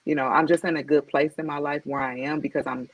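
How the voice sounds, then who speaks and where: Speaking fast in a deep, steady-toned voice, a woman guest on a podcast talks candidly and reflectively. She's an author and motivational speaker who speaks directly and voices the people she quotes, captured in dull, dry lo-fi sound.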